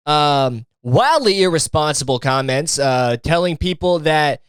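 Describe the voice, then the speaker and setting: A man's voice: fairly high pitch, lively intonation, a little slow, few pauses, clean tone, no echo. A young man hosting a solo podcast, ranting in a sarcastic, profane, fired-up way into a close mic. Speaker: podcast host. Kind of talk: casual solo podcast rant.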